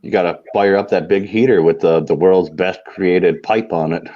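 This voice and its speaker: A man's voice: deep voice, fairly even intonation, normal speed, warm tone, lo-fi sound. A laid-back man joking and chatting as a guest on a live stream. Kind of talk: casual chat.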